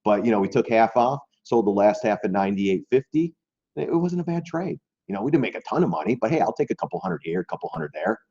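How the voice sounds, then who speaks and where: Casually commentating on a stock trading live stream, a man speaks directly to viewers in a loose, rambling style, frequently repeating words. His voice is fairly low and a little mellow, heard through dull, lo-fi stream audio.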